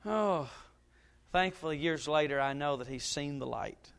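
A middle-aged man, a pastor, preaching a sermon and telling a story, his voice now and then jumping up loud. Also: on the high side, measured pace, gravelly, smooth. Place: church.

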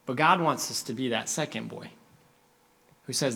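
A young man preaching a sermon in an animated storytelling manner, acting out scenes for his listeners. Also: mid-range voice, moderate pace, creaky, husky.

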